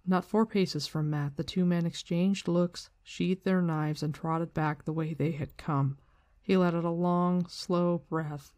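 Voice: mid-range voice, steady tone, unhurried, a little mellow, dry recording, clean studio sound. Casual, swearing book-discussion host. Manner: casual, swears, slangy retelling. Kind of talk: casual book discussion with read-aloud passages.

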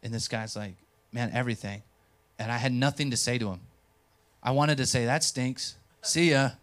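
A young man preaching a sermon as pastor, telling a personal story and acting out dialogue, swinging from quiet asides to loud bursts. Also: mid-range voice, moderate pace. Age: young adult.

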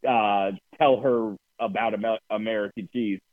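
A man's voice: lowish voice, fairly even intonation, normal speed. Ranting man with a New Jersey accent. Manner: ranting, profane storyteller. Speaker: podcast co-host. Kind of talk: casual chat. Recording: dry tinny phone-like sound.

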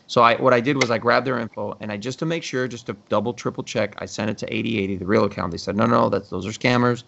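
Man, podcast host, rapid talk, heavy vocal fry, lo-fi sound. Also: fairly low pitch, fairly even intonation, a bit bright, a little hiss or hum. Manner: swears freely, acts out quoted exchanges. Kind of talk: casual podcast chat.

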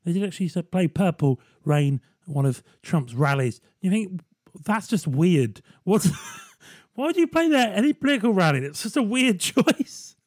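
A man riffing in a loose, sardonic comedy monologue, chuckling at his own lines. His voice sits slightly high for a man. The sound is dry and close, with no room at all. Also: big pitch swings, moderate pace, darkish tone, no echo. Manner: rambling, sardonic, laughs at his own jokes. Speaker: comedy podcast host.

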